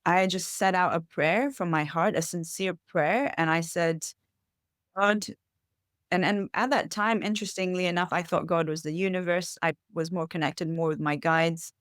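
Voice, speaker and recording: A woman's voice: fairly low pitch, fairly even intonation, normal speed, no room sound, studio quality. A woman who works as a life coach tells her personal story in a podcast interview, earnest and reflective, with many fillers. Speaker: intuitive life coach, guest.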